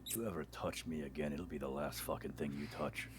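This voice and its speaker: Tabletop game: a man doing an angry, cussing warrior, very deep voice, faint hiss behind. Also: sing-song, unhurried, full character voice. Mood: menacing. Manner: swearing, menacing. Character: furious gruff male warrior.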